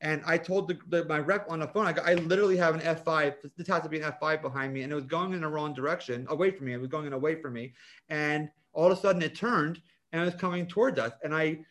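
A man guest on a podcast, a chemist and author, telling animated anecdotes with frequent restarts. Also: on the high side, quick pace. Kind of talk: interview storytelling.

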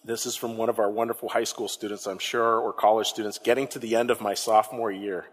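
A man preaching a sermon as pastor, telling the story with animated emphasis and repeating words for effect. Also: lowish voice, fast talker, big-room sound.

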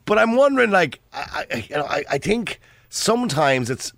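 Animated radio phone-in host. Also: male voice, high voice, moderate pace, vocal fry, no echo, studio quality. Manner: chatty, animated and laughing readily. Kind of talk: casual talk radio chat. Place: radio studio.

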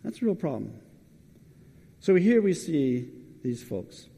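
A man's voice: on the high side, big pitch swings, slow pace, creaky, warm tone, slightly rough, big-room sound. A man preaching a sermon, talking conversationally and putting questions straight to the congregation.

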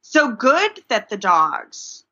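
A woman with a bright, forceful voice talks casually about her work as a dog trainer. She tells stories in a lively way and acts out the people in them. The sound is dull and lo-fi, like call audio. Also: a little high, takes it slowly, husky. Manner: lively storyteller who acts out quotes. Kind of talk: casual conversation.

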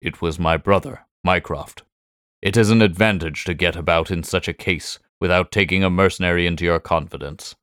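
A brilliant middle-aged detective, read by a man, speaks calmly and with measured, faintly superior poise. The voice sits very low. The sound is dry and close, with no room around it. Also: clear, resonant tone, no room sound. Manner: calm, measured, quietly superior. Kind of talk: audiobook character voice.

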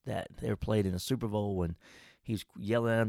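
A man's voice: fairly low pitch, fairly even intonation, fast, vocal fry, a little mellow, no echo, studio quality. A man, a pastor co-hosting a casual Bible-study chat, emphatic and folksy with preacherly asides.

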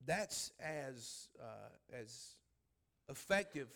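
A man's voice: medium pitch, expressive, extremely slow, creaky, sharp tone. A man preaching a sermon as pastor. He speaks emphatically, repeats his phrases and asks the congregation questions.

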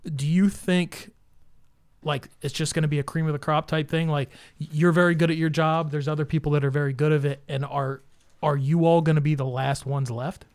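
A man interviewing a radio host in a casual chat, asking long, relaxed questions. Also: on the high side, fairly quick, clean tone. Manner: relaxed, laughs along, asks long questions.

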